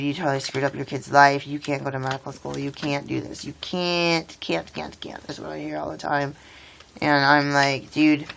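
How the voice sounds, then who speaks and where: Low voiced lady vlogging, rambling while she builds toy bricks, bit of hiss behind. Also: a bit bright. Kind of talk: rambling casual vlog.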